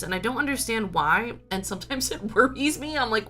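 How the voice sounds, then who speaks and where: A woman's voice: a little high, lively intonation, moderate pace, hardly any pauses, sharp tone, soft background music. A woman streaming from home in a casual, rambling chat, full of filler words and restarts. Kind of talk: casual chatty livestream talk.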